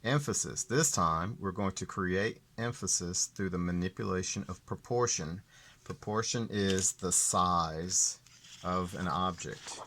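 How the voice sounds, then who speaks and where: A man teaching art, explaining ideas slowly and deliberately and repeating the key terms. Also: sits low, fairly bright tone, slight background noise. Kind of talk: classroom explanation.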